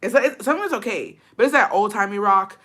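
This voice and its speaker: Fast and lively in intonation, with a medium pitch and fairly bright tone, a Texas streamer chats with her viewers. She swears often and flips between English and Spanish in her chatty banter.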